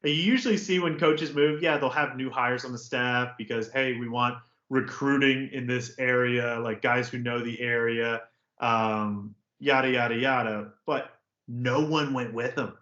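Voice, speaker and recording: A man co-hosting a sports podcast, ranting in a sarcastic, jokey, animated way. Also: mid-range voice, a little slow. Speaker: podcast co-host. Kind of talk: casual sports chat. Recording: roomy, slightly dull podcast audio.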